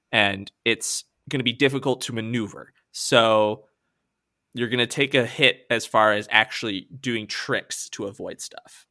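Relaxed game master narrating. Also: mid-range voice, measured pace. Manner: relaxed, with self-corrections and restarts.

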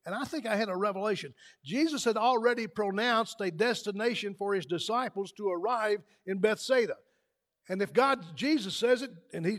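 A man preaching a sermon in a church, building to loud emphatic peaks. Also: sits high. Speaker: pastor. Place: church sanctuary.

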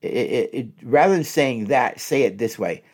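A man working as a relationship counselor, giving advice and acting out example phrases, repeating each one twice in an animated way. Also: mid-range voice, moderate pace. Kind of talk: advice talk with spoken examples.

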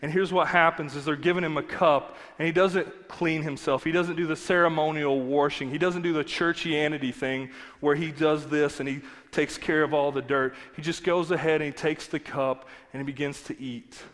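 A man's voice: a little high, steady tone, moderate pace, hardly any pauses, a bit bright. A man preaching a sermon as pastor, in an earnest, conversational way with emphatic repetition. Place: church sanctuary. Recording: long hall reverb with faint music.

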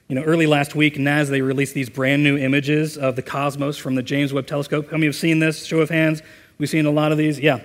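A man's voice: a little high, little pitch movement, fast talker. A man preaching a sermon in a church, earnest and conversational, reading scripture and leading a prayer. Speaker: pastor. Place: church sanctuary. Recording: long hall reverb.

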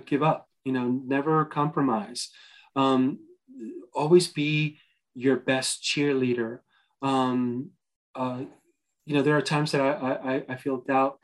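A man's voice: medium pitch, poor audio. Earnest motivational man, podcast guest. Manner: earnest, motivational, many fillers and restarts. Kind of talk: interview conversation.

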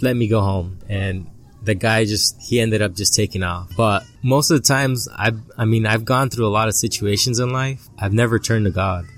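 A man telling a personal story as an interview guest, halting and repeating words, recorded outdoors at a family barbecue. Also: fairly low pitch. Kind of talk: casual storytelling.

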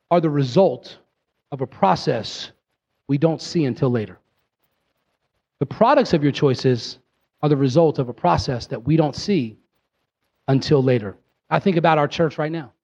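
A man in his thirties, a pastor preaching a sermon emphatically, talking directly to his congregation and rising into excited bursts. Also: on the high side, breathy edge, highs cut off. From Pennsylvania. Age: 30s.

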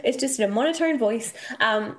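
Australian woman, 30s, casual podcast host; chatty, animated storytelling. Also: a little high, normal speed. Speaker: podcast host and intuition coach. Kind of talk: casual solo podcast talk.

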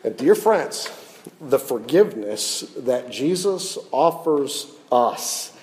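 A pastor preaching a sermon, his delivery swinging from loud, raised lines to hushed ones. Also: medium pitch, sing-song, takes it slowly, low-quality recording.

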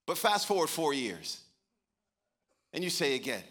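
A man's voice: a little high, measured pace. A man pastor giving a sermon, telling stories and building to emphatic points. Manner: storytelling, animated, building to emphatic preaching.

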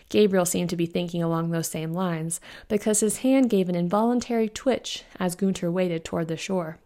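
A woman, the author, reading her own fantasy novella aloud in an even, unhurried storytelling manner. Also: fairly low pitch, creaky. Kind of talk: audiobook-style fiction narration.

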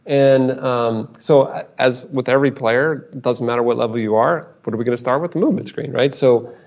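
A man telling an animated story as a guest expert in conversation. He often repeats words and acts out what people said. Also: mid-range voice, brisk, dull audio.

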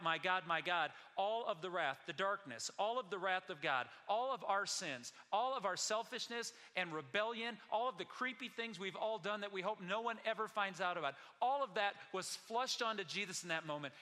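A man preaching a sermon as pastor, with dramatic delivery that builds to shouted scripture quotes. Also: sits high, animated, moderate pace, few pauses. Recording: long reverb of a large hall.

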